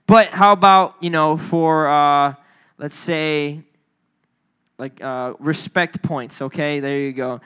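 A youth pastor giving a casual, playful sermon, joking with listeners by name and leading call-and-response lines. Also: male voice, on the high side, pushed and bright. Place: church room.

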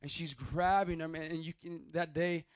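A man's voice: fairly high pitch, little pitch movement, moderate pace, dry recording. A young man, preaching a sermon and telling a personal testimony in a loose, conversational way. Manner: conversational storytelling with restarts and acted quotes.

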